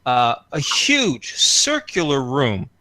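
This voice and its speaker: A man's voice: medium pitch, huge pitch swings, sharp tone, no echo. A man narrating scenes as game master of a tabletop game, descriptive and full of fillers. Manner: descriptive, filler-heavy, unhurried.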